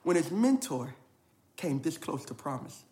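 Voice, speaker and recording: A man preaching a sermon as pastor, energetic and playful, mixing casual slang into his delivery. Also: a little high, unhurried.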